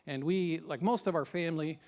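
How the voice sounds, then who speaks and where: A man, preaching a sermon as pastor with animated, emphatic storytelling. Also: fairly quick. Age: 50s. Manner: animated, emphatic storytelling with sudden rises in pitch and loudness.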